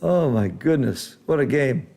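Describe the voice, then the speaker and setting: A middle-aged man commentating a backgammon match live, exclaiming over the rolls and then calmly explaining strategy like a teacher. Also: medium pitch, unhurried, gravelly.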